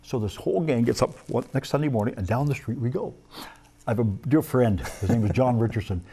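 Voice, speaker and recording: A man telling his life story as a guest in a studio interview, animated and quick to act out what others said. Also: mid-range voice, slight background noise. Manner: animated, acts out quoted voices, repeats words when excited. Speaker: guest sharing his testimony. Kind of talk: lively personal storytelling.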